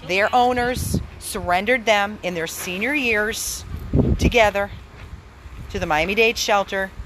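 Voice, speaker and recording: A woman who runs an animal rescue pleads for donations, emphatic and repeating words for stress. Her mid-range voice moves a little slowly, with background noise behind it.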